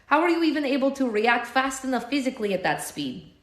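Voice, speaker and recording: A woman's voice: high voice, sing-song, fairly quick, voice pushed up. A woman voicing a young female mission handler in a read-aloud story, in an echoey room. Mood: urgent.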